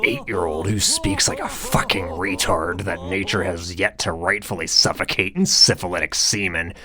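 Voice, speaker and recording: A man's voice: sits low, sing-song, moderate pace, a crowd in the background. A man narrating an audiobook in a crude, sardonic way. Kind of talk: scripted narration.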